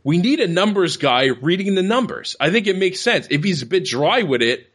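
Brash male podcast host, bright voice, reads listener posts with laughter. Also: sits high, very animated, moderate pace, slightly rough. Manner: profane, laughs often, reads tweets aloud. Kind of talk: casual podcast chat over a call.

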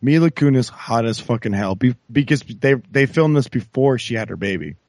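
A man co-hosting a casual movie chat, teasing his friends, swearing a lot and laughing loudly. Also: mid-range voice, animated, normal speed, no room sound, clean studio sound. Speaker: podcast co-host.

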